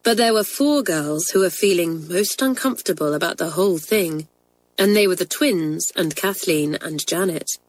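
A woman narrating a children's book aloud, reading with lively expression. Her delivery is clear and storytelling in tone. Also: on the low side, normal speed, low-quality recording.

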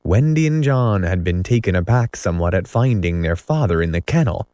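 A man reading a children's story aloud as narrator, in measured storytelling. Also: low voice, expressive, dark tone, no echo. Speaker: audiobook narrator. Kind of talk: scripted narration.

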